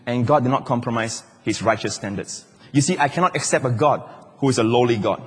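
A male pastor preaching a sermon in a large church hall, emphatic and shouting at the high points, with wide swings in pitch. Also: brisk, breathy edge. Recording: long church-hall reverb.

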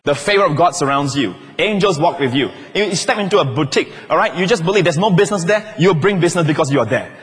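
A man's voice: on the high side, quick pace, hardly any pauses, big-room sound, faint music behind. A man preaching a sermon to a congregation, calling for amens and asking if they are listening. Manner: lively preaching, calls for amens, asides to the congregation. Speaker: pastor.

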